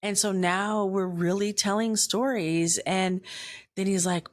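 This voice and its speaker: Middle-aged woman, podcast host; animated rambling storyteller, dry voice with no room sound. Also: medium pitch, slow pace, no echo. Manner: animated, rambling, acts out dialogue with whispered asides. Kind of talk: casual storytelling monologue.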